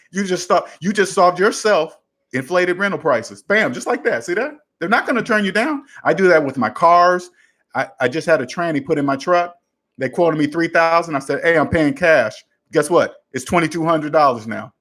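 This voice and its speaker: A man with a slightly higher voice than most men hosts a casual livestream Q&A on money. He talks straight to his viewers, punches his points with short catchphrases, and repeats them for emphasis. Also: animated, moderate pace, fairly bright tone. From United States. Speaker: personal finance livestream host. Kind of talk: casual livestream Q&A, reading chat questions.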